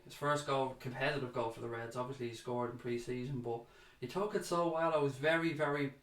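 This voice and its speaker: Chatty man on a roomy livestream. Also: mid-range voice. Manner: chatty, addresses viewers as mate. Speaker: livestream host reading viewer comments. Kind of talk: casual fan chat livestream.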